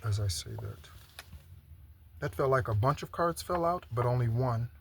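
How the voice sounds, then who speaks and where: A man's voice: medium pitch, lively intonation, moderate pace, breathy edge. A man giving a spiritual tarot reading in a chatty way, often checking in with "okay?". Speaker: tarot reader. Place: home in Southern Arizona.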